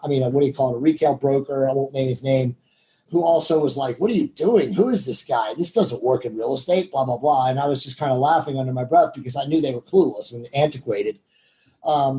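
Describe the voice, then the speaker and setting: Male entrepreneur guest; mellow, relaxed delivery; rambling and self-reflective. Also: medium pitch, rough recording. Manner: rambling, heavy with "you know" fillers. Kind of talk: casual interview storytelling.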